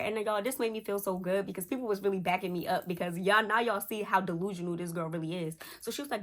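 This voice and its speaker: Young woman, casual storytime vlog, animated, voices swing up and down for quotes. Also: fast talker, few pauses. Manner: animated, acts out quotes with shifting pitch. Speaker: storytime vlogger. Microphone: camera close up.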